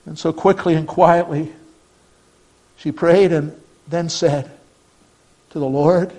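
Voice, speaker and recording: A male pastor delivering a sermon in a notably high voice. He speaks with earnest conviction, pressing hard on key phrases and then dropping almost to a murmur. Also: steady tone, normal speed, poor audio. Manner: earnest preaching, swings from emphatic to hushed.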